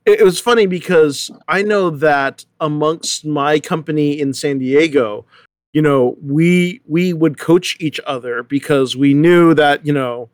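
A man's voice: a little high, measured pace, no room sound. Chatty man, dry close sound. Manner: chatty, laughing, filler-heavy. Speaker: actor, acting teacher. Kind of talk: panel discussion.

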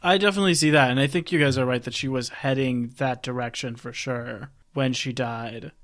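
Wry, bright-voiced man. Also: mid-range voice, fairly even intonation, brisk. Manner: wry, joking, laughs often. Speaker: podcast co-host. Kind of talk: casual movie chat.

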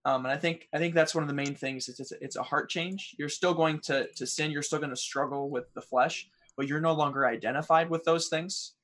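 A young man talks earnestly in a casual podcast chat. His voice sits a little high, and he slips into quoted voices when he tells an example. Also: steady tone, fairly quick, hardly any pauses, fairly bright tone. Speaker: podcast co-host.

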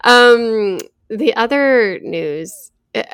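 A woman's voice: fairly high pitch, expressive, extremely slow, a bit bright, clear, resonant tone, dry recording, clean studio sound. A woman co-hosting a casual pop culture chat, talking loosely with many fillers. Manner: chatty, lots of "like" fillers. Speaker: podcast co-host.

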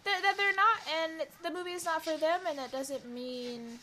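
A young woman co-hosting a casual movie podcast, agreeable and animated, swearing freely. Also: very high voice, moderate pace, over a noisy crowd. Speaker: podcast co-host. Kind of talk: casual chat.

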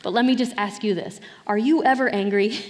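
A middle-aged woman pastor preaches a sermon, her fairly high voice carrying a darkish tone at a normal pace. She speaks earnestly and conversationally, slipping light laughs between points, and the sound has a big-room quality.

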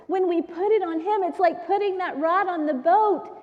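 A woman giving a sermon to women, telling a personal story in an animated way and laughing often. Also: very high-pitched, a little fast, hardly any pauses, muffled recording. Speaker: women's ministry speaker. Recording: long reverb of a large hall.

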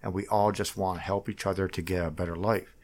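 A middle-aged man talking about himself as a political candidate in a casual interview, halting and rambling with frequent restarts. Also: sits low, steady tone, a little mellow.

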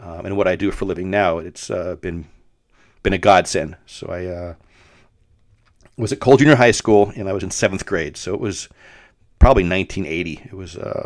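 A middle-aged man with a fairly low voice tells a story on his podcast, wandering and full of fillers. The sound is dry and close. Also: fairly even intonation, fairly quick, pauses often, no room sound. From Denver, Colorado. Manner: rambling, with frequent fillers and restarts. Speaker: podcast host. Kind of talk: casual storytelling monologue.

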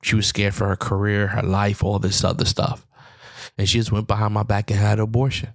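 Gravelly-voiced man in a heated rant. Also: on the low side, monotone, fairly quick, no room sound, studio quality. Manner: heated, rambling, repeats himself. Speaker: podcast host. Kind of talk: casual opinion monologue.

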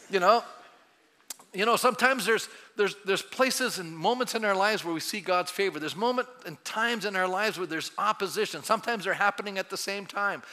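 Older male pastor, high bright voice, chatty sermon that swells to fervor, long church reverb. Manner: conversational, teasing the congregation, building to fervent. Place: church sanctuary.

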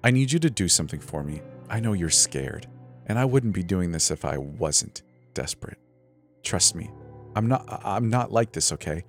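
A man voicing a desperate young man dressed as a fairy-tale prince, pleading in a strained, halting way. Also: sits low, animated, faint music behind.

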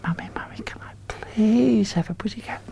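A man's voice: on the high side, animated, moderate pace, creaky, mellow, slight background noise. A man voicing a little girl who keeps begging her mother for a kitten, half whispered and eager. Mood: pleading.

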